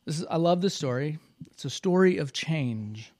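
A man preaching a sermon as pastor, praying and telling a story in an animated, expressive way. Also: on the high side, normal speed.

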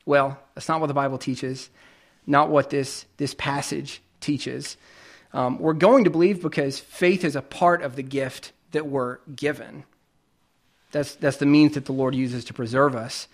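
A male pastor preaching a conversational sermon, illustrating his points with everyday examples and moving between emphatic and quiet delivery. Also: mid-range voice, steady tone, unhurried.

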